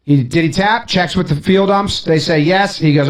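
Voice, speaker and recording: A man's voice: high-pitched, moderate pace, echoey room, recorded from a distance. A man hosting a show, casually walking through a baseball clip with jokes and put-on voices. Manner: animated, joking, slips into voices. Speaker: podcast host.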